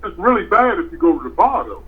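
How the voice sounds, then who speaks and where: A man's voice: high-pitched, very animated, fast talker. An older man with a grandson, co-hosting a podcast in folksy, plainspoken casual chat. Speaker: podcast co-host. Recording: tinny phone-like line.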